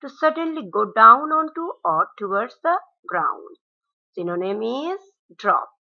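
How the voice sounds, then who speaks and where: A woman teacher, reading out English words and their meanings slide by slide in a measured classroom cadence. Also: fairly high pitch, very animated. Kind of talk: slide-based vocabulary lesson. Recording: dull lo-fi recording.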